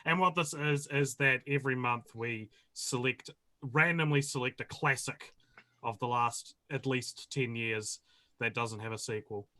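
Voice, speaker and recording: A man hosting a casual movie podcast, chatty and quick to laugh. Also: medium pitch, sharp tone. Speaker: podcast host.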